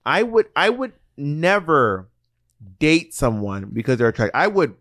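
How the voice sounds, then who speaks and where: A man's voice: on the high side, very animated, fairly bright tone, no room sound, studio quality. Frank, chatty man co-hosting a podcast. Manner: chatty, frank, prone to restarts and slowing mid-thought. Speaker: podcast co-host. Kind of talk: casual chat.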